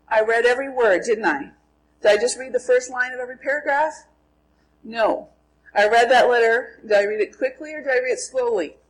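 Her voice fairly high-pitched and the audio poor, a middle-aged woman from Minnesota, USA, gives a group Bible lesson. She asks her listeners questions, then answers them herself.

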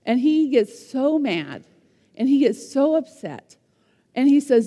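High-voiced woman teaching in an echoing hall. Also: slow pace. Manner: animated, asks the listeners questions. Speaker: teacher retelling a Bible story. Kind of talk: lively Bible-story lesson. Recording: long hall reverb.

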